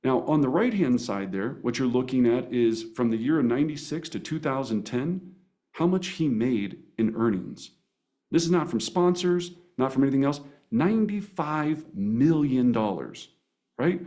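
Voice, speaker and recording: Lively man coaching negotiation tactics. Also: medium pitch, moderate pace. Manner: energetic, animated, with playful voice impressions; repeats words and asks "right?" often. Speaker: real estate negotiation coach. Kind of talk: coaching seminar presentation.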